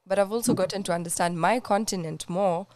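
A woman from Kenya hosting an interview podcast, asking thoughtful, measured questions. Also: medium pitch, a little mellow, no room sound. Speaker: podcast host.

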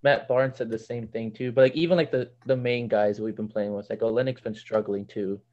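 A blunt man trades opinions in a casual sports podcast. His mid-pitched voice comes through a slightly dull, muffled recording. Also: fairly even intonation, a little fast, darkish tone. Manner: blunt, emphatic retelling. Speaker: podcast co-host.

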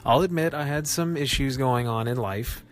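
A man hosting a casual solo gaming podcast, chatty and self-mocking, often jumping up in pitch to stress a point. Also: normal speed, faint music behind. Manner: chatty, self-mocking, laughs at his own jokes; animated, jumps up in pitch for emphasis. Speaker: podcast host.

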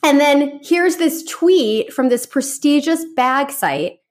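A woman with a fairly high voice talks casually as the interviewer. She recalls past events in a chatty way and quotes her own words along the way. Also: expressive, slow pace. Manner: chatty, recounts with quoted asides. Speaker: interviewer, friend. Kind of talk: casual conversation.

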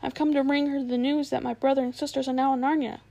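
A woman's voice: sits high, flat delivery, fast talker, creaky, warm tone. A woman doing a trembling, stammering boy. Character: frightened stammering boy, eager to please.

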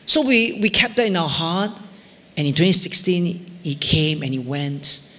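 A middle-aged male pastor preaching a sermon, telling a personal story with swings from near shouts to whispers. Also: a little high, expressive, unhurried, long reverb tail. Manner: emotional storytelling, rising to near shouts in retold prayers, dropping to whispers.

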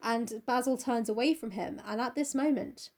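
A woman's voice: on the high side, moderate pace. A woman co-hosting a podcast, animatedly retelling a classic novel, swearing freely and acting out the characters. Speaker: podcast co-host.

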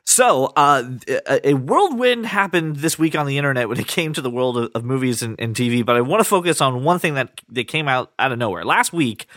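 A man's voice: mid-range voice, expressive, a little fast, hardly any pauses, a bit bright, no echo, clean studio sound. A man hosting a podcast in casual chat, playful, with frequent stammering restarts. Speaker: podcast host.

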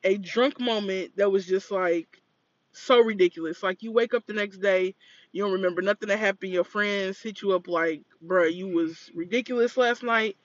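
A woman co-hosting a podcast, telling a story in casual chat and acting out the yelling in it. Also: medium pitch, moderate pace, lo-fi sound. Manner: animated, acts out quoted yelling. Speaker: podcast co-host.

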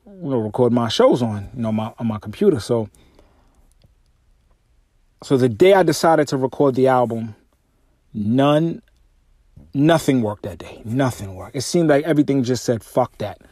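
A man hosting his own podcast, telling a long story casually, swearing often, his voice jumping high when he gets exasperated. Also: darkish tone, no echo, studio quality. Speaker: podcast host and music artist. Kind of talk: casual solo podcast monologue. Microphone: podcast microphone through a mixer.

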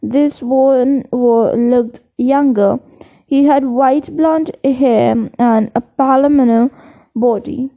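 A woman reading a novel aloud in an unhurried way, with small slips and restarts. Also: high voice, narrow, tinny audio. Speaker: reader.

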